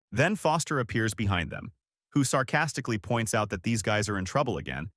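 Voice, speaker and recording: A man narrating a comic story recap in a steady, scripted present-tense summary. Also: medium pitch, dry recording, studio quality.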